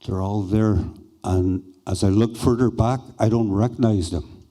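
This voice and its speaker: An older man slowly and haltingly recounting a personal experience as a speaker at a conference. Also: lowish voice, steady tone, dark tone. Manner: slow, halting, reflective. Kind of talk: personal storytelling.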